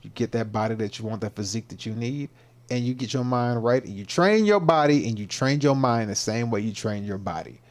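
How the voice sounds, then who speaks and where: A man's voice: medium pitch, lively intonation, brisk. Joking slangy man hosting a livestream. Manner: loose, joking, slangy, turns into pep talk. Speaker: livestream host and fitness coach. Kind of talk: casual livestream commentary.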